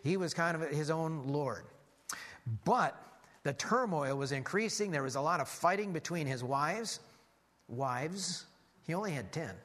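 A man preaching a sermon as a lively story, animated, with frequent restarts. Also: on the high side, moderate pace.

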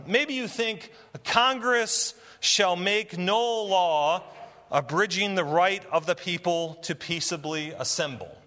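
Male pastor, deliberate sermon delivery, slightly high, reverberant sanctuary. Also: bright, forceful tone. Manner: slow, deliberate preaching with emphatic rises. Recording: long hall reverb.

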